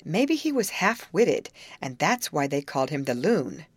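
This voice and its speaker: A woman voicing a confident young woman who leads her friends, speaking calmly and self-assuredly. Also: sits low, a little slow, husky, no room sound, full character voice. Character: confident young woman leader, calm and teasing.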